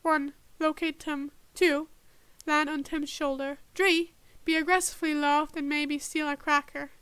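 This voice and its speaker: A woman reading a fan-written story aloud in a measured, even way. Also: high-pitched, no echo. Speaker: podfic reader.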